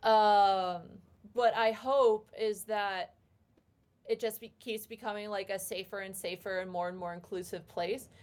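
Young woman, cosplayer guest, casual chatty answers, medium pitch, frequent fillers. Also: fairly even intonation, a little slow, a little mellow.

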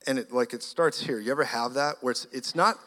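A man preaching an energetic sermon as a guest preacher, moving between loud exclamations and hushed storytelling. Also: mid-range voice, a little fast. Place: church sanctuary. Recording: long church hall reverb.

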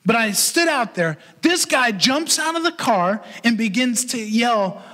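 A male pastor delivers a storytelling sermon with a high-pitched, bright, forward voice. He is animated and acts out the voices in his story. The sound rings with the long reverb of a large hall. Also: unhurried. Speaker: pastor and podcast host.

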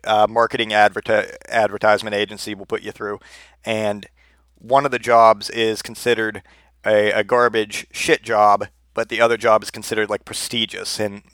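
A man's voice: lowish voice, a bit bright, dry recording. A man hosting a podcast, rambling through a casual comedic rant with lots of fillers. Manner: rambling, fillers and restarts, ranty. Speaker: podcast host.

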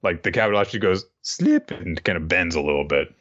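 Low-voiced guy recapping a manga on a podcast, doing little voices for the characters, kinda muffled lo-fi sound. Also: animated, quick pace, fairly bright tone. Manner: recaps scenes by acting out the characters' lines. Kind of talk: casual chat. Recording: dull lo-fi recording.

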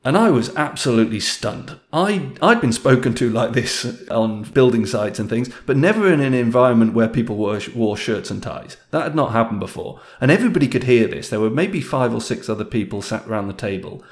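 A man's voice: mid-range voice, lively intonation, a little fast, few pauses. A man telling a story from his working life in a casual, reflective and self-deprecating way. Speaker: speaker sharing a career story.

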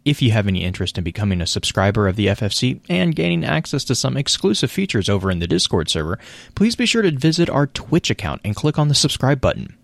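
A man's voice: medium pitch, big pitch swings, fast, creaky, no echo. A man hosting a casual online podcast, reading sponsor notes and then chatting loosely with restarts. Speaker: podcast host.

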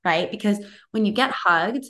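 A woman podcast host in her thirties, talking in a loose, chatty interview style. She gushes freely and strings her thoughts together with plenty of "like"s and quick restarts. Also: medium pitch, lively intonation, fairly bright tone. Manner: chatty and effusive, many "like"s. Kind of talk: casual interview chat.

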